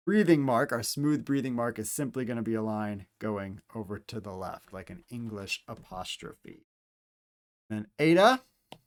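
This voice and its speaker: A man teaching how to handwrite Greek letters, calmly explaining each stroke step by step, with playful asides now and then. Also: medium pitch. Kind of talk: handwriting tutorial instruction.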